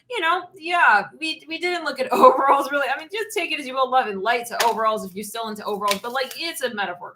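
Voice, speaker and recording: A woman's voice: fairly high pitch, pushed and bright, slight background noise. Chatty, giggly woman reading tarot. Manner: chatty, giggly, rambling with many fillers. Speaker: tarot reader. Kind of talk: casual channeled tarot reading.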